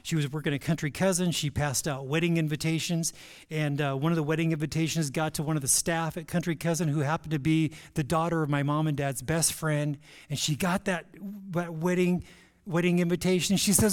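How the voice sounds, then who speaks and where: A male pastor tells a personal story to his congregation in a slightly high, animated voice, often repeating and restarting his words. He moves from storytelling into a closing prayer. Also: fairly quick.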